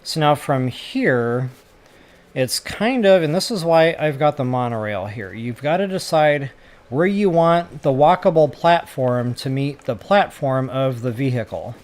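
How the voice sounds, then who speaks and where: A man's voice: medium pitch, expressive, a little slow, darkish tone. Chatty man thinking aloud while gaming. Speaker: gaming tutorial creator. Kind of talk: casual gameplay commentary.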